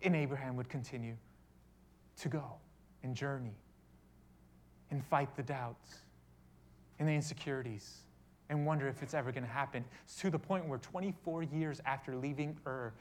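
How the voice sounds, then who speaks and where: A man preaching a sermon, retelling a story with dramatic shifts between loud and soft delivery. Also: on the high side, slight background noise. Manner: dramatic storytelling, voicing quoted speech, big swings in loudness. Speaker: pastor.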